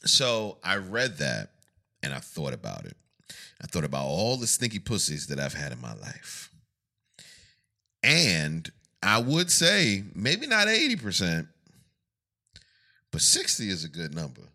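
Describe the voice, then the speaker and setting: A man's voice: deep voice, wildly swooping pitch, a little slow, long pauses, bright, forceful tone. A man co-hosting a podcast, casual chat with blunt, teasing questions. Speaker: podcast co-host.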